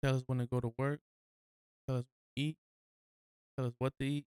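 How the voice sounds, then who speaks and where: A man's voice: mid-range voice, flat delivery, brisk, a little mellow, smooth, no echo, studio quality. A young man in casual chat, laid-back, chiming in to back up his friend. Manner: laid-back, backs up the speaker with short interjections.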